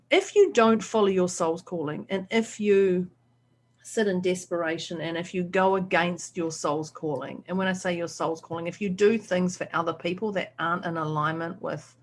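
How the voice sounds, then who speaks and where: A woman's voice: lowish voice, normal speed, slight background noise. A woman, a podcast co-host and coach, chatting casually and acting out bits of dialogue as she tells stories. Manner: animated storyteller, acts out quoted dialogue. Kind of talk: casual chat.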